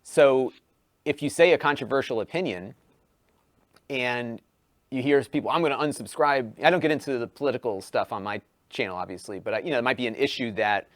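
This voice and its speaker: A YouTube tech channel host chats animatedly on a casual podcast, restarting his sentences often and raising his voice for quoted lines. His pitch is medium and his pace fairly quick, recorded in studio quality with no room sound.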